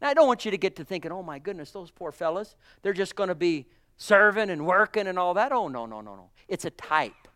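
A man preaching with fervor in a high voice, calling his listeners brothers and sisters. He swings from quiet, hushed lines to loud, rising exclamations. The sound is close and dry, with no room echo. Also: big pitch swings, a little fast, few pauses. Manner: addresses congregation as brothers and sisters. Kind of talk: sermon. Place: church.

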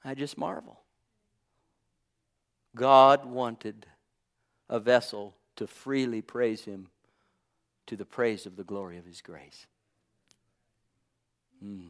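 A man's voice: medium pitch, takes it slowly, long pauses. A man preaching a sermon in an impassioned, conversational way, dropping in exclamations of praise.

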